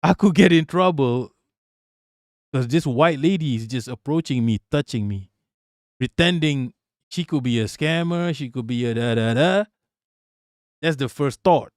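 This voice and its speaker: A man's voice: medium pitch, moderate pace, no room sound, studio quality. A man commenting on a video clip during a live stream, blunt and profane, often repeating himself when worked up.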